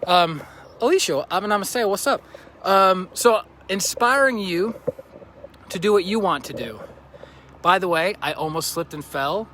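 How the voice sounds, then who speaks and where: A bright, forceful male voice talks loosely and jokily to his viewers, greeting them by name. He is slightly out of breath, filming on a handheld phone outdoors by a lake. Faint outdoor noise sits behind him. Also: high voice, expressive, unhurried. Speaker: vlogger livestreaming a road trip. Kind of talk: casual livestream chat.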